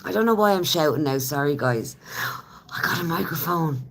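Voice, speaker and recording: A woman's voice: low-pitched, animated, moderate pace, noisy background. An Irish woman and smoker chatting casually with viewers on a live stream, laughing often as she talks. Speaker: livestreamer.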